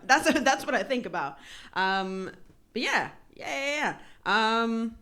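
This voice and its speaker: A woman's voice: on the high side, lively intonation, slow pace, fairly bright tone. A woman doing a short stand-up set in a small comedy club, giggly and rambling with many fillers. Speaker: opening-act comedian.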